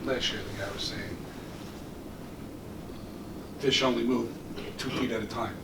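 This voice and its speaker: Brief: mid-pitched man, halting in casual chat, heard far from the mic over clear noise. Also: steady tone. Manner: halting, repeats words as he explains. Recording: roomy, distant mic with clear background noise.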